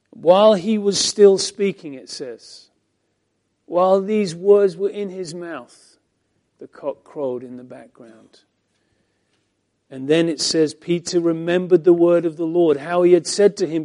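A male pastor teaching from the Bible in a high-pitched but mellow voice. He preaches expressively, pressing some lines hard and letting others fall almost to a hush. The tone stays soft at the edges, never sharp. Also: a little slow. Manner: expressive preaching, swinging between emphatic and hushed.

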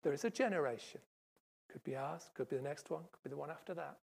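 A preacher delivering a sermon, stressing points loudly and then dropping to hushed asides. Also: mid-range voice, quick pace, creaky, breathy edge. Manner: emphatic, swings from loud stresses to hushed asides. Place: church service.

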